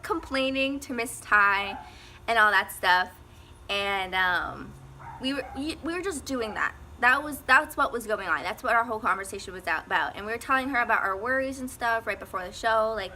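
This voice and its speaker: A woman's voice: a little high, pushed and bright, slight background noise. A teenage girl telling a casual storytime, rambling with lots of fillers and frequent laughs. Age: teens. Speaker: vlogger.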